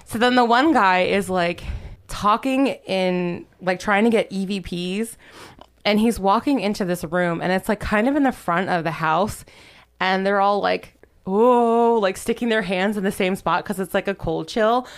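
A woman's voice: medium pitch, moderate pace. A woman casually retelling a ghost story on a podcast, rambling and saying "like" constantly. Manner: rambling, heavy use of "like", giggly. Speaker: podcast host.

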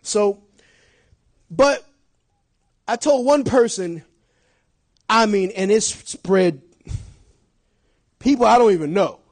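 A middle-aged man preaching a sermon, swinging from shouted lines to quiet asides and laughing often. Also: high-pitched, animated, slow, long pauses.

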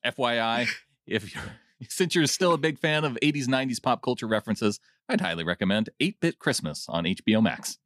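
A man's voice: medium pitch, lively intonation, fairly quick, fairly bright tone, dry recording, clean studio sound. A man co-hosting a casual sports podcast, wry and easygoing, reading listener comments aloud. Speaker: podcast co-host.

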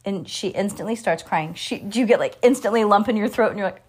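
Giggly chatty mom, 30s, lots of likes, reads a kids book out loud. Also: female voice, mid-range voice, quick pace, few pauses, a little hiss or hum. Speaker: podcast host and mother. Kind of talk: casual chat and reading a children's book aloud.

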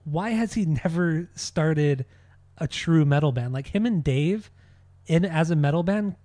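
A man's voice: on the high side, expressive, unhurried, dark tone, no room sound. A man co-hosting a podcast in casual music chat, laid-back, swearing and repeating his phrases. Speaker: podcast co-host.

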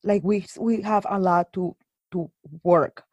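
A woman's voice: mid-range voice, measured pace, no room sound, highs cut off. Chatty woman with dry close sound. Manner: animated storytelling, many fillers and restarts. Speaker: guest. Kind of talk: casual chat.

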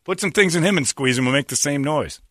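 A man's voice: a little high, animated, quick pace, fairly bright tone, no echo, clean studio sound. A man hosting a radio show, teasing his co-hosts and telling stories in a joking way. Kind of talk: morning radio banter.

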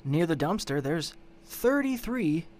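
A man's voice: a little high, very animated, measured pace, a little mellow, slight background noise. Cussing man recapping a crime story. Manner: profane, exasperated, rambling retelling. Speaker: show host. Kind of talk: casual true-crime recap.

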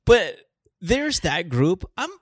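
A man with a Filipino accent hosting a casual chat show, telling stories with animated energy and slipping Tagalog phrases into his English. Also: high voice, slow, husky, dry recording, clean studio sound. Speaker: podcast host.

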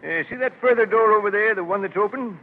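A folksy New Hampshire print foreman in a 1940s radio drama, with a high voice and a rural New England accent. He is chatty and good-humored. The sound is thin and tinny, with a faint hiss. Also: fast.

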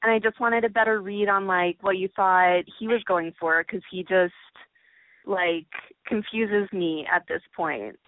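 A woman's voice: mid-range voice, steady tone, measured pace, a little hiss or hum. A young woman calling in to a radio show. She talks in a hesitant way and fills her speech with "like". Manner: hesitant, uses lots of fillers. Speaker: caller. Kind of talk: casual chat. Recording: dry phone line.

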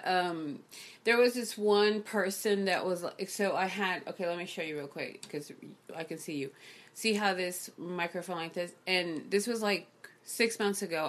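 A woman with a slightly low voice chats as the host of her own show, speaking into a condenser mic over a video call. She tells stories with energy and puts on the voices of the people she quotes. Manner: animated storyteller who acts out quoted people. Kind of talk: casual chat.

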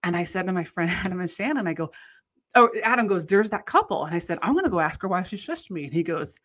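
A woman casually telling a long anecdote in conversation. She rambles with restarts and acts out the people in her story with big jumps in pitch. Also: expressive, fast talker, a bit bright. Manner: rambling, many restarts and fillers.

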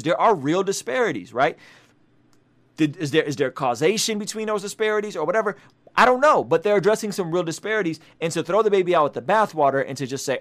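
A man's voice: on the high side, a bit bright. Emphatic young man giving commentary. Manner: emphatic, repeats phrases, asks "right?". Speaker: Christian commentator. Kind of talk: casual video commentary.

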